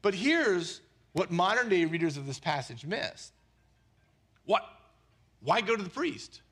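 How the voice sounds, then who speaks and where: Animated high-voiced male preacher. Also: breathy edge. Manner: animated, conversational preaching with quick asides and jokes. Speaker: pastor. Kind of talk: sermon.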